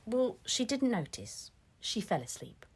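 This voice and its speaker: A woman reading a storybook aloud at an unhurried pace, her voice rising and falling in a lively, animated way. She stays patient and playful, a little flustered when she gets questioned. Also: on the high side, husky.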